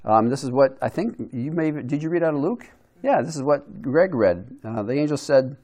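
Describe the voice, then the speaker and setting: A man's voice: mid-range voice, animated, moderate pace, a little mellow. Man teaching a casual Bible lesson. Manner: conversational, with restarts and questions to the group.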